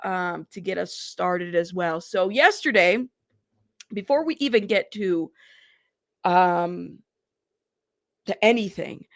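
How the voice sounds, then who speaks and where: A woman's voice: fairly low pitch, expressive, slow pace, long pauses, dry recording, clean studio sound. A woman hosting a casual news livestream, chatty and blunt, who laughs often, greets her chat by name and has a slightly sick throat.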